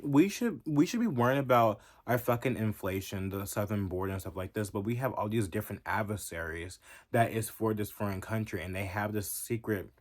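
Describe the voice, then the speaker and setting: A man with a lowish voice delivers a profane, heated reaction rant straight to his viewers. He talks emphatically and angrily as a vlogger. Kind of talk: ranting reaction commentary.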